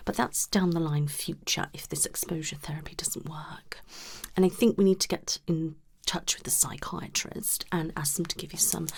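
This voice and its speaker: A woman voicing a blunt, flirty, unprofessional psychologist in a soft whispered role-play. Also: low-pitched, vocal fry, slightly rough, full character voice. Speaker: ASMR creator.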